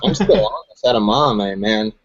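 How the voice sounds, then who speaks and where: A man's voice: on the low side, moderate pace, highs cut off, slight background noise. A young adult man hosting a casual chat show, joking and laughing a lot in slangy banter. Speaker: podcast host.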